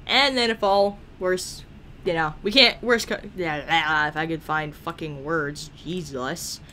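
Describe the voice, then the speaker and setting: A woman narrates her own game-playing in a casual let's-play style, excitable and quick to swear and laugh. Her voice is bright and forward. She talks at an unhurried, drawn-out pace over a faint hum of noise. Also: deep voice. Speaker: gaming video creator.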